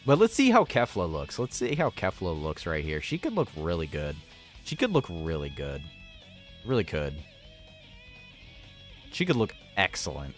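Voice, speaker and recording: A chatty man on a live game stream talks his viewers through his turns, his voice rising and falling in a lively way. Faint guitar music plays in the background. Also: deep voice, moderate pace, pauses often. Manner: chatty, talks to viewers and pets, laughs often. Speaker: gaming streamer. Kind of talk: casual live-stream commentary.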